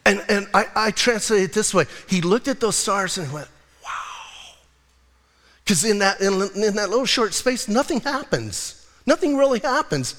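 A man's voice: high voice, animated, normal speed, few pauses, a bit bright. A male pastor preaching a sermon in a conversational way, teasing his congregation. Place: church sanctuary. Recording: long hall reverb.

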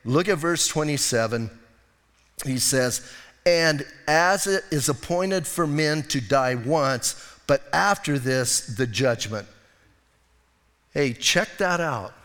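A male pastor preaching an animated, conversational sermon and acting out bits of dialogue. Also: fairly high pitch, takes it slowly, long reverb tail.

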